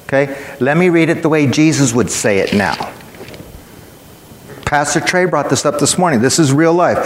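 A man's voice: a little high, expressive, moderate pace, echoey room, long reverb tail, slight background noise. A man preaching a sermon in a church, emphatic and matter-of-fact, telling stories to make his point.

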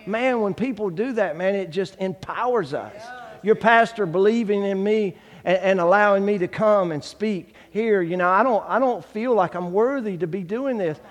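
A man's voice: sits high, normal speed, hardly any pauses. A man preaching a sermon, telling his own story and acting out the voices of people in it. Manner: animated storytelling, acts out quoted voices. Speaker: guest preacher. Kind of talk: sermon with personal testimony. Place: church sanctuary. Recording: long church reverb.

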